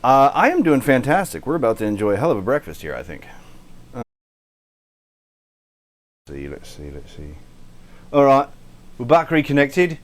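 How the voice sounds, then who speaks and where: A man's voice: medium pitch, big pitch swings, normal speed, long pauses. A man hosting a cooking livestream, chatting casually while he cooks, thanking viewers by name, swearing lightly and cutting himself off mid-sentence, all in a put-on accent he keeps up throughout. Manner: frequent self-interruptions and light swearing; puts on an unnamed accent for the whole stream. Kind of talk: casual live-stream chat while cooking.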